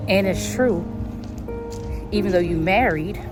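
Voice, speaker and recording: A woman's voice: medium pitch, unhurried. A woman vlogging live on a phone as she walks an outdoor trail at a charity event. She is a little out of breath and chats in a rambling way, with many fillers. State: out of breath while walking. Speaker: vlogger filming a live stream. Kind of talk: casual live-stream commentary. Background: live music.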